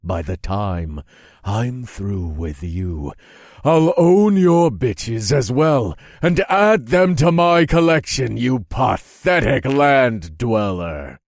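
A man voicing a towering, cruel male frost lord who growls slow, boastful threats. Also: medium pitch, big pitch swings, no echo, studio quality, pitched above the performer's own voice. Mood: gloating. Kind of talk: audiobook character voice.

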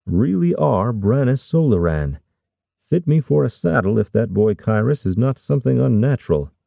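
A man doing a sly scheming old lord, gravelly. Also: medium pitch, sing-song, normal speed, dry recording, dull audio, pitched above the performer's own voice. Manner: scoffing, wry, conspiratorial. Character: sly scheming older male lord, amused.

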